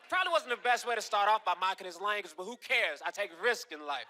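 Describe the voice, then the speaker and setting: A man performs stand-up in a deadpan storytelling manner. His voice sits high and bright. A faint hiss runs under the recording. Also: fast, hardly any pauses. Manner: deadpan storytelling, punchy asides. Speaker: stand-up comedian. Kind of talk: stand-up comedy.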